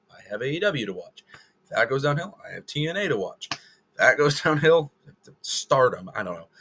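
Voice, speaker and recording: A man's voice: on the low side, sharp tone. A man giving casual opinion commentary to the camera, rambling and correcting himself as he goes. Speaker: wrestling video creator.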